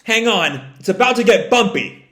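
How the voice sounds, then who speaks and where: A man voicing a bold, thrill-loving young female lemur hero from a comic, reading her lines excitedly and shouting them out. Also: high-pitched, moderate pace, pitched above the performer's own voice.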